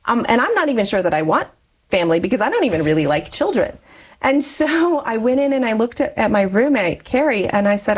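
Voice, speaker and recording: A woman's voice: fairly high pitch, very animated, brisk, low-quality recording. A woman in her forties, a guest in an interview, telling a personal story in a chatty way and laughing often between phrases.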